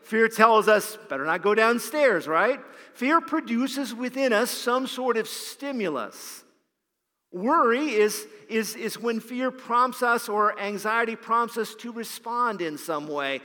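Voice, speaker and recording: Taking his time, a pastor preaches and tells a story in a very high, bright, forceful voice, regularly repeating a word at the start of his phrases. The church sanctuary gives the recording a long, echoing reverb.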